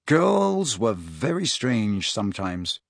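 Expressive male audiobook narrator. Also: fairly low pitch, slow, gravelly, dry recording, clean studio sound. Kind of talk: scripted narration.

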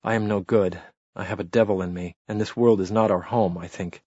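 A man's voice: on the low side, fairly even intonation, fairly quick, dark tone, breathy edge, dry recording, lo-fi sound. A man reading the part of a drunk, brash young musician who blusters and then sinks into self-pity. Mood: remorseful drunk.

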